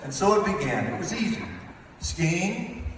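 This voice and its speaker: A man's voice: high-pitched, big pitch swings, unhurried. A man in his fifties giving a playful, teasing wedding toast as father of the bride. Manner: playful, teasing, acts out voices. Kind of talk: comic wedding speech storytelling. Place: large wedding reception hall. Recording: echoey hall, distant mic, room noise.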